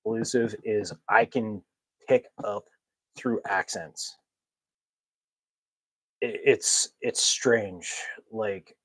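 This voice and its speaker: A low-pitched man hosting a laid-back podcast, rambling through loose stories with frequent chuckles. He jokes at his own expense. The recording is close and dry, with no room sound. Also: no room sound, poor audio. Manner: rambling, chuckles often, self-mocking humor. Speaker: podcast host. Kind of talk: casual chat.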